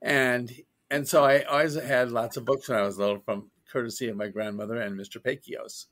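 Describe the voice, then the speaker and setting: A man being interviewed as an author, telling childhood stories in a chatty, animated way. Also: medium pitch, fairly quick. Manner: animated storyteller, quotes others with laughs. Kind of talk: casual interview.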